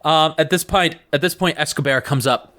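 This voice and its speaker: A man narrating as game master in a relaxed way, with many fillers. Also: a little high, normal speed, noisy background.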